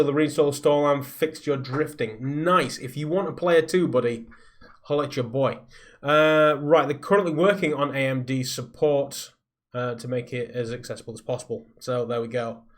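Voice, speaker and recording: A man's voice: on the high side, a bit bright. A man live streaming from a soundproofed home recording room, rambling in casual chat and reading viewer comments aloud. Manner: rambling, reads viewer comments aloud, skims text with "blah blah".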